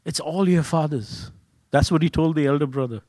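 A man preaching a conversational sermon, joking and swinging between loud, excited bursts and hushed, quiet stretches. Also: on the high side, normal speed, no echo.

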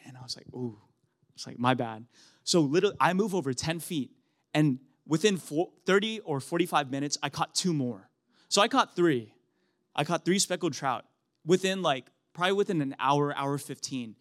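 Young male preacher, casual sermon, slightly high voice, chatty with easy laughs. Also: expressive, normal speed, fairly bright tone. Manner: conversational, laughs often, restarts.

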